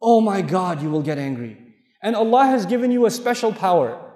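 A Pakistani Islamic lecturer with a high-pitched voice preaches to a crowd in a large mosque hall, speaking a little fast. He's an animated storyteller who shares personal stories, acts out the dialogue himself, and jokes with the audience. His voice rings through the roomy space with a long, trailing reverb.

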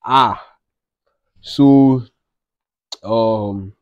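A man's voice: mid-range voice, drawn-out words, clear, resonant tone, dry recording, lo-fi sound. A young Nigerian man with a Nigerian English accent, chatting casually and rambling with self-mocking humor in a travel vlog. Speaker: vlogger.

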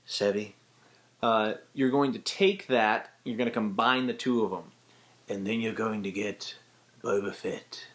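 A chatty, upbeat man leads a casual voice acting tutorial in a mid-range voice. He talks quickly and loosely, with fillers, and drops into quick demonstrations. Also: on the low side, fairly even intonation, a bit bright. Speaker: voice acting teacher.

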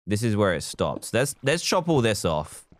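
A man's voice: lowish voice, very animated, moderate pace, slight background noise. A man live streaming a building game, chatting casually, reading viewer comments aloud and counting blocks as he works.

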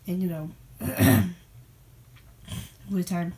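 A woman's voice: on the low side, steady tone, drawn-out words, mellow. A woman voicing an earnest male cartoon guest who rambles through a eulogy, correcting himself as he goes, in a homemade puppet show.

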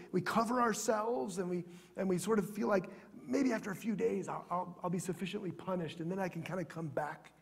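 A male pastor preaches in a church, his voice pitched high with a husky grain. He talks earnestly and often sinks to a hushed, prayerful tone. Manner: earnest, drops to soft prayerful tones. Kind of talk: sermon.

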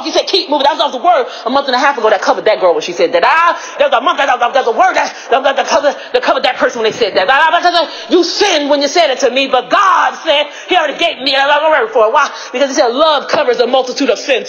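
A woman preaching on her own at home, shouting a repeated phrase, then dropping her voice and laughing between lines. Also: lively intonation, fast talker, some chatter behind, low-quality recording. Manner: shouts a repeated catchphrase, then drops low, laughing often. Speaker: lay preacher. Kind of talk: informal spoken devotional. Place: home, indoors.

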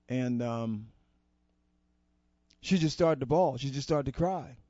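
A man telling a motivational story to an audience, expressive and with deliberate pauses. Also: mid-range voice, no room sound. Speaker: storyteller at a society program. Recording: dull lo-fi dry recording.

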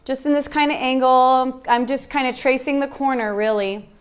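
A woman with a bright, high voice gives a live furniture-painting demo. She chats through each brushstroke in a relaxed, easygoing way. Her tone stays smooth and clear, and she thinks aloud as she works. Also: moderate pace. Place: warm indoor workshop.

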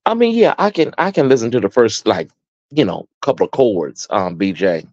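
A sassy, chatty American man hosting a live stream, his pitch swooping up and down as he talks. His voice is dark and mellow, recorded dry and a little dull. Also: sing-song, normal speed, no echo. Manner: sassy, chatty, addresses viewers as honey and baby. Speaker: host. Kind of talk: casual live-stream chat.

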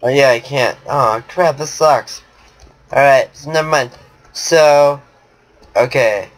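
A man's voice: mid-range voice, takes it slowly. Offhand, joking sick male gamer. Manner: offhand, joking, bossy with his friend. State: sick, coughing. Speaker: channel host. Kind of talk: casual gaming chat.

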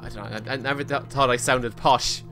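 A man streaming a video game live, reacting excitably and swearing often as he plays and talks to his chat. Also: medium pitch, brisk, music in the background. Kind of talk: casual live gameplay commentary.

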